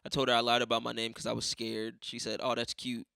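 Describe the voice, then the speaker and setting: A man's voice: mid-range voice, monotone, fast talker, creaky, sharp tone, clean tone, no echo, studio quality. A young man hosting a podcast, ranting casually with lots of swearing and telling stories by acting out other people's voices. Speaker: podcast host. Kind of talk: casual monologue.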